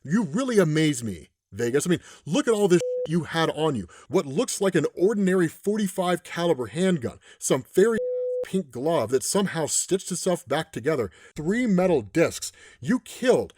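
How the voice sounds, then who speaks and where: A man's voice: fairly high pitch, sing-song, normal speed, darkish tone, no room sound, clean studio sound. A man reading the lines of a contemptuous male crime boss who sneers and makes profane threats. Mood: sneering menace.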